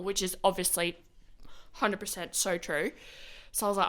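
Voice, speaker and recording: Young woman, podcast co-host; casual, animated, sweary delivery. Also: medium pitch, normal speed. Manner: swears often, animated storytelling. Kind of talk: casual chat.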